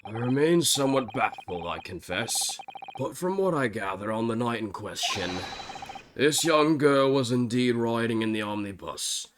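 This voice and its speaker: A man voicing a stern, formal courtroom judge with measured, stately diction, game music behind. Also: medium pitch, lively intonation, background noise, close to an everyday voice. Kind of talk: game dialogue read aloud.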